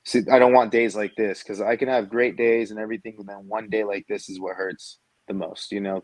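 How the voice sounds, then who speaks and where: A man with a very deep voice speaks earnestly and reflectively in casual conversation. The sound is dry and close, with no room echo. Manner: earnest, reflective about his goals. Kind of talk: casual podcast talk.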